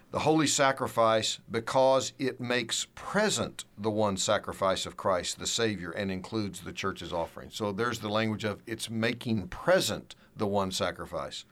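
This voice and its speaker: A man with a slightly low voice talks through church doctrine in a calm, measured way. He slows down to lean on the key words as he reads and explains. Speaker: theology discussion guest. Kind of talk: theological discussion, reading quotes.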